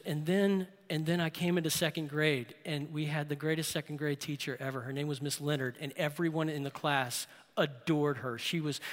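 Preaching with stories, this pastor drops his voice low and slow for emphasis and raises it loudly when urging his listeners on. A long reverb tail trails his words.

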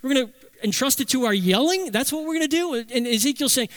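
A man preaching a sermon as pastor, emphatic, slowing down to stress key phrases. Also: very high-pitched, animated, a bit bright, no room sound.

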